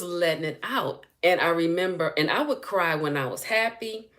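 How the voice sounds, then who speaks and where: A woman speaking as a spiritual healing coach in a casual live-stream chat, chatty and animated and laughing often. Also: fairly low pitch, normal speed.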